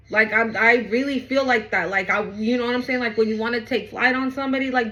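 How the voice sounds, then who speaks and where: The woman's voice is fairly high, brisk and a bit bright, with hardly any pauses, and the highs are cut off. She is a tarot reader giving a casual reading straight to her viewers. Blunt and profane, she drives points home by repeating them and adding "right?" time after time.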